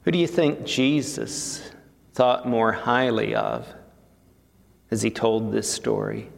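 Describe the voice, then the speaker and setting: A man's voice: lowish voice, slow pace, vocal fry. A man preaching a sermon, retelling a parable in a dramatic storytelling manner. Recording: long reverb of a large hall.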